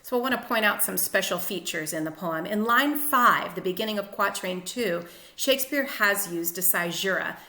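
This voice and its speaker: Woman teacher, bright tone, steady lecture on a poem, recorded in a roomy space. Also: lowish voice. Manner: clear, methodical explanation with occasional fillers. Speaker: literature teacher. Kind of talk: lecture-style poetry analysis.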